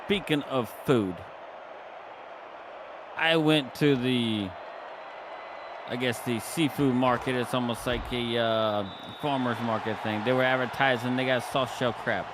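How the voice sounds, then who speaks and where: A man's voice: mid-range voice, steady tone, unhurried, background noise. A man with a Cajun accent, chatting casually as a color commentator on a simulated football broadcast. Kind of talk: casual game commentary banter.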